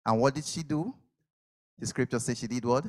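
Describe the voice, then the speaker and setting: A man's voice: mid-range voice, normal speed. A man preaching a sermon, telling a story and acting out the people in it, sometimes dropping to a whisper. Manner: animated storytelling, acts out the people, drops to a whisper at quiet moments.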